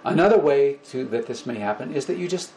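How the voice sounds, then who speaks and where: A man giving an informal spiritual lecture to a small group, speaking gently and repeating words, growing animated when he acts out examples. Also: mid-range voice, quick pace, creaky, slight background noise, poor audio. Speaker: spiritual teacher.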